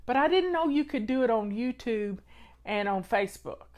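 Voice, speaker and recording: With a highish, expressive, slightly mellow voice at a normal speed, this Southern-accented woman from the Southern US hosts a home-organizing live stream. Her casual chat is full of folksy, motherly advice.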